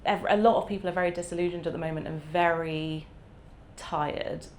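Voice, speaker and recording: Woman author, low voice, candid and reflective, faint background hum. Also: fairly even intonation, a little fast. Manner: warm, reflective, laughs often, lots of fillers. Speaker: author guest. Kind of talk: candid conversational interview.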